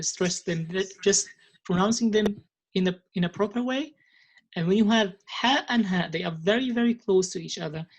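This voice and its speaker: Lowish-voiced woman teaching Quranic pronunciation. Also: dull audio. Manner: slow deliberate demonstrations, frequent hesitations and restarts. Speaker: Tajweed teacher. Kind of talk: recorded lesson explaining Quranic pronunciation.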